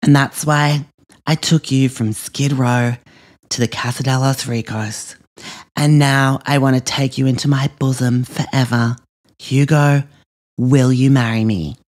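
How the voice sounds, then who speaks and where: A man performs a vain, self-absorbed young woman who gushes through a comic monologue. She pads every line with "like" and "um" in a middle-pitched voice, and she treats her own life as the grandest drama around. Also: steady tone, a little slow, close to an everyday voice. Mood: gossipy. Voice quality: filler-heavy, constant "like" and "um". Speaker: comedy podcast character.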